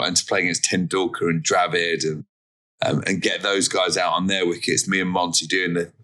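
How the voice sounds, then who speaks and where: A man's voice: deep voice, bright, forceful tone. An English man, a guest in a casual chat, jokey and self-deprecating. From England.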